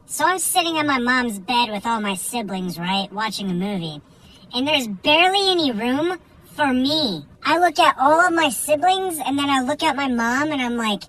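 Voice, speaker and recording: A woman doing a comic storytime monologue with a bright, forward voice. She is animated and theatrical, jumping from loud punchlines to quiet murmured asides. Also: a little high, moderate pace, rough recording. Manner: animated, swings loud and soft. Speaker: comedian.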